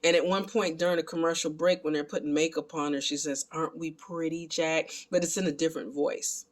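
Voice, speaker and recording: Excitable man recapping a film. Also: fairly high pitch, fast. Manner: animated, excitable retelling; talks to viewers as family. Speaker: film reviewer.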